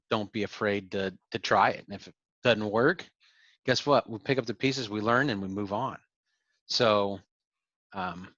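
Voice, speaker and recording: A man co-hosting a podcast in casual chat, relaxed and easygoing with some hesitation. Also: on the low side, no echo, highs cut off. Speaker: podcast co-host.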